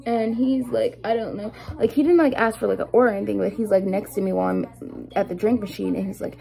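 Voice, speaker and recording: A young adult woman vlogger telling a story in a casual, animated and indignant way while doing her makeup at home, with lots of fillers. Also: mid-range voice, fast, vocal fry, poor audio.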